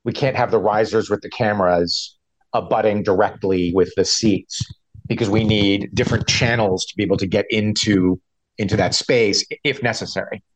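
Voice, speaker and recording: A middle-aged man, a veteran reporter, explaining events in a measured way with frequent restarts. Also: on the low side, fairly even intonation, dry recording, rough recording. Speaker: veteran White House reporter. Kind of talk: conversational interview answers.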